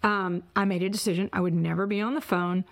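A woman hosting a podcast, talking in an animated and emotional way as she tells a personal story and asks her guest questions. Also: on the low side, fast. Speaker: podcast host. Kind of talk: conversational interview.

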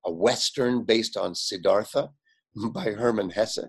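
An older man with a low, gravelly, somewhat husky voice tells stories at length. He brings the people in his stories to life by voicing their lines, and scatters fillers and laughs through his speech. He comes across as a lively, animated storyteller. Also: a little slow. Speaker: guest. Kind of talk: anecdotal storytelling.

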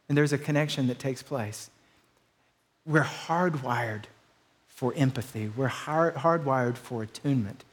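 Middle-aged male pastor, slightly high voice, preaching with humor and personal stories. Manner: storytelling, self-deprecating humor, builds to excited peaks. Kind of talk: sermon.

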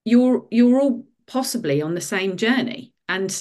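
A woman, a guest author, giving career advice in a casual interview, lively and full of ums. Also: mid-range voice, unhurried.

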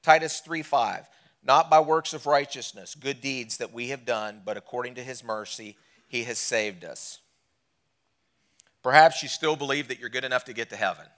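A man preaching a sermon to a church congregation, asking them direct questions and swinging between loud emphatic lines and quiet low drops. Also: normal speed. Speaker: guest preacher. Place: church service.

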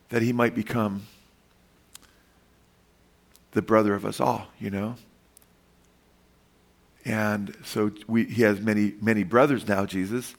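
An earnest male pastor delivering a sermon in a mid-range voice. He slows and softens on tender points, then lifts his voice with sudden emphasis. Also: mid-range voice. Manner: earnest, shifts between soft and emphatic.

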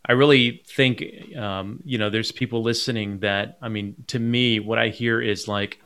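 Gravelly-voiced man hosting a podcast. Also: fairly low pitch, fairly even intonation, normal speed, a bit bright. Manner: encouraging, searching for words. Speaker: podcast host. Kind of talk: conversational podcast.

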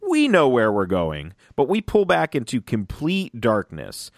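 A man in a casual fan chat, talking excitedly and rambling, often acting out lines in little voices. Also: mid-range voice, measured pace, no echo, studio quality. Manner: excited, rambling, acts out quotes.

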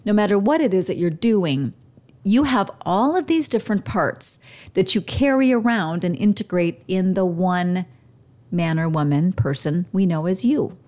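A woman hosting a motivational self-help show, talking slowly and gently, pausing often as she guides listeners through reflection. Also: lowish voice, expressive. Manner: slow, gentle, reflective delivery with pauses. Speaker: show host.

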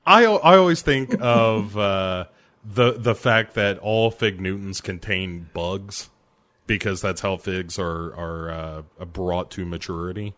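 Man, low voice, casual podcast co-host, giggly, chatty movie talk. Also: slow pace, fairly bright tone. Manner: laughs often while talking. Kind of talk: casual movie-review chat.

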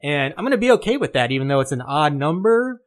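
A man's voice: a little high, big pitch swings, fast talker. A man hosting a casual weekly gaming podcast, joking and poking fun at himself. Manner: playful, self-mocking. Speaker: podcast host.

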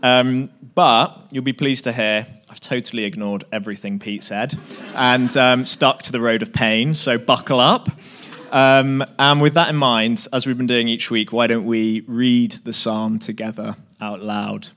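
A man's voice: medium pitch, fairly even intonation, unhurried, a bit bright. A male preacher giving a sermon in a conversational, self-deprecating way, telling personal stories with frequent ums.

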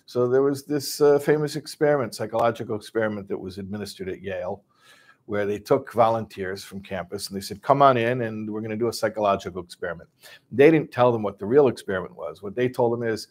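A man from Chicago casually retelling a story, animated and full of restarts, acting out voices. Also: lowish voice, quick pace. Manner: animated, acts out voices, many restarts and asides.

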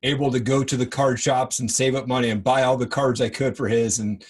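A man's voice: mid-range voice, level tone, fairly quick, breathy edge. A man in his thirties hosting a podcast interview, laughing often and chiming in eagerly. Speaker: podcast host. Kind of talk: casual interview.

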